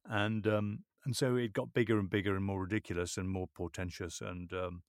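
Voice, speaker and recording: A man with a low voice talks through his craft at length, musing and joking at his own expense. The sound is dry and close. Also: normal speed, no room sound. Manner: expansive, thoughtful, self-deprecating humor. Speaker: voiceover artist. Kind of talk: interview answers.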